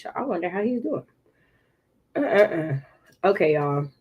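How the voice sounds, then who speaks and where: A woman hosting a casual writing livestream, chatty and encouraging as she reads viewers' comments and clears her throat now and then. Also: fairly low pitch, big pitch swings, normal speed, a little mellow. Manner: occasional throat clearing and coughs. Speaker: livestream host.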